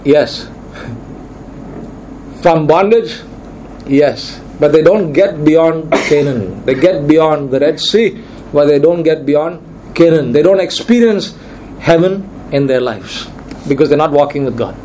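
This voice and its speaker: A man delivers a sermon from the pulpit of a church, his voice sitting a little higher than most men's. He drives his points home with emphatic repetition. A faint hiss runs underneath the recording. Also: slow, long pauses, dark tone, poor audio. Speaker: pastor.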